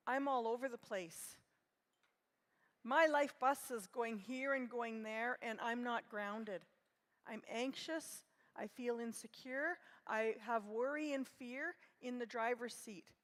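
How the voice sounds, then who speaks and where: A woman in her sixties telling a personal story at a conference in a gentle, reflective way. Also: a little high. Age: 60s. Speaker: conference speaker. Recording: long hall reverb.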